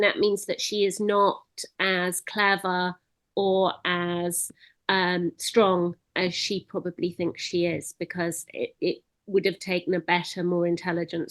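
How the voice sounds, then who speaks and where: A woman campaigner talking as a guest in an interview, emphatic and animated, with occasional laughs. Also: on the low side, a little slow. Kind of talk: casual interview chat.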